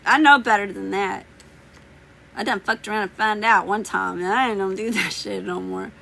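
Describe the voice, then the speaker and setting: A woman tarot reader answers viewers in a casual live-stream chat, full of teasing, laughs and slang, her voice somewhat worn because she's losing it. She has a mid-pitched, very animated, sharp-toned voice with vocal fry, at a moderate pace.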